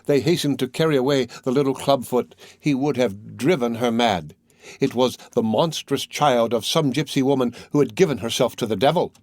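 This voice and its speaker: In scripted narration, a man voices a grieving woman telling a sad tale, earnest and sorrowful in his storytelling. His voice is mid-range, darkish, and close to an everyday voice, at normal speed, with clean studio sound and no room sound.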